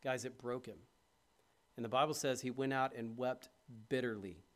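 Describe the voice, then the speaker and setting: A man preaching a sermon to his congregation, asking them questions directly and moving from quiet reflection to loud, impassioned appeals. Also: mid-range voice, little pitch movement, moderate pace.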